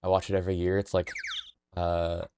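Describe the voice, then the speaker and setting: A man's voice: low voice, completely flat delivery, brisk. A young man casually streaming a game, rambling playfully and reading lines aloud. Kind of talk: casual game-playing commentary. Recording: noisy home stream mic.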